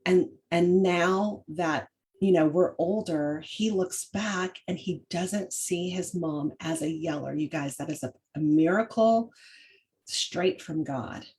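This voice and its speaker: A woman's voice: lowish voice, takes it slowly, darkish tone. A middle-aged woman, hosting a chatty faith-based parenting talk full of fillers and restarts. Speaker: podcast host.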